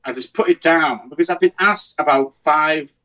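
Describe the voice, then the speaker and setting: A man's voice: fairly high pitch, normal speed, a bit bright, highs cut off. A man chatting casually as a podcast co-host, rambling and restarting his sentences often. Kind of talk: casual chat.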